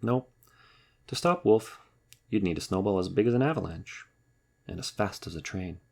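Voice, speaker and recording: A man voicing a polite, gentle female bear who speaks hesitantly, in a storybook reading. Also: low voice, animated, normal speed, vocal fry, heavily acted. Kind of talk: storybook character voice.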